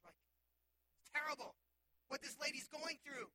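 A male youth pastor preaching a sermon, animated, swinging between loud bursts and hushed asides. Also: extremely high pitch, fast talker, pauses often, background noise.

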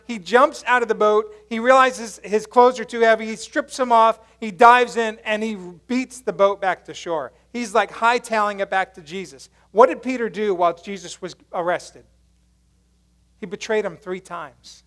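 A male pastor preaching a sermon, retelling a story in animated, casual language and questioning his congregation. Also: high-pitched, normal speed. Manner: casual slangy phrasing.

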